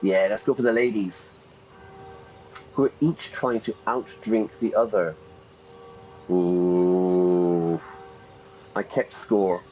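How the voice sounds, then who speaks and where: A man's voice: on the low side, highs cut off, soft background music. A man teaching English while reading a game's story text aloud, playfully stopping to explain words and correct himself. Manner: playful, pauses to gloss vocabulary and self-correct. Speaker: English teacher streaming a game.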